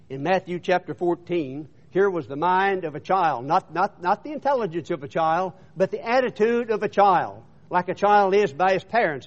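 Male preacher, high voice, emphatic storytelling sermon, dull lo-fi recording. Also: a little slow.

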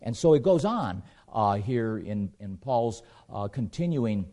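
A man preaching a sermon in an emphatic way, repeating phrases for stress and pausing on fillers between points. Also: fairly low pitch, expressive, warm tone.

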